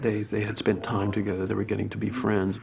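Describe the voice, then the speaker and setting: A man, a film director, speaking in a measured, thoughtful way in an interview. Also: fairly low pitch, monotone, creaky, darkish tone, husky. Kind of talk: interview commentary.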